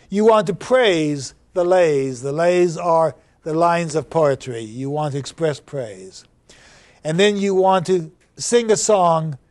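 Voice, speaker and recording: A man giving a university lecture on poetry, reading verse aloud slowly and building emphasis on repeated words. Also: on the high side, darkish tone. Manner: slow, deliberate, reads verse aloud with rising emphasis. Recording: 2009 classroom lecture recording.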